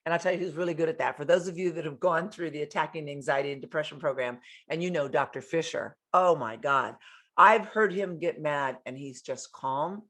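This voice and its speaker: A woman's voice: low voice, a little fast, fairly bright tone. Female self-help host: earnest and blunt, coaches listeners, swears offhand. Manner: earnest, frank, swears casually. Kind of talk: motivational self-help talk.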